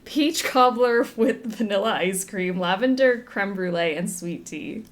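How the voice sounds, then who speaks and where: A woman's voice: medium pitch, slow pace, soft background music. A young woman chatting through a video game playthrough, giggly and second-guessing herself. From Southern United States. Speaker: game streamer. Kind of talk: casual let's-play commentary.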